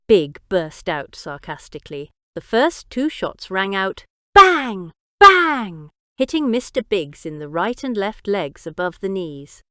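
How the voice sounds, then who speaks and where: A woman narrating a crime story, reading slowly and expressively. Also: mid-range voice, sing-song, pushed and bright, no room sound, clean studio sound.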